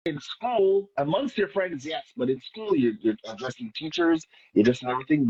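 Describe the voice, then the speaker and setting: A man's voice: on the high side, huge pitch swings, a little fast, warm tone, breathy edge, highs cut off. A man with a Jamaican accent, a poet guest talking casually in an interview, often restarting and asking "right?". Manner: frequent restarts and filler, rhetorical "right?".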